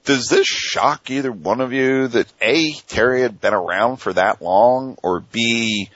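A man's voice: medium pitch, measured pace, a bit bright, dry recording, highs cut off. A man hosting a casual wrestling talk show, asking rambling questions full of fillers. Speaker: podcast host.

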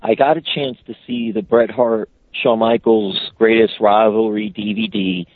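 A man's voice: on the low side, steady tone, unhurried, a little hiss or hum. A man on a podcast telling a story in casual chat, acting out the quotes with lots of energy. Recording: tinny phone-line sound.

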